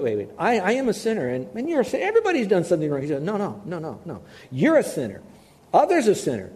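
Older man preaching a story-filled sermon. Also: a little high. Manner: storytelling, animated with acted-out quotes. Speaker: pastor.

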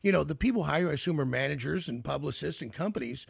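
Gravelly, chatty male radio host. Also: fairly high pitch, expressive, fast talker, dry recording, studio quality. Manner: chatty, storytelling, lots of restarts. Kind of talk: casual interview.

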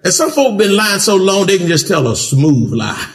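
A man preaching a sermon as pastor, mixing jokes with loud, soaring shouts. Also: sing-song, normal speed, few pauses. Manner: preaching with humor, swings into loud high-pitched shouts. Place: church. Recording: echoey church hall.

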